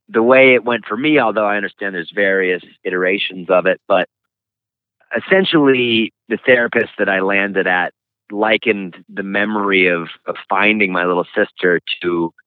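A man speaking frankly and reflectively as an author being interviewed, pausing often as he talks. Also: deep voice, clean tone, dry recording. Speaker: author and guest. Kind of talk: candid interview conversation. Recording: tinny phone-like line, dry.

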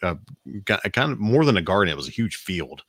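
A man's voice: sits low, very animated, brisk, fairly bright tone, no room sound, studio quality. A man from the American South with a Southern accent, telling a rambling family story in casual chat, with frequent restarts. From Alabama, US South.

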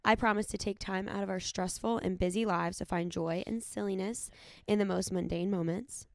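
A woman's voice: medium pitch, steady tone, normal speed, creaky, a little mellow, no echo, studio quality. A woman in her thirties, a podcast co-host, reading her wedding vows aloud in a tender, sincere way.

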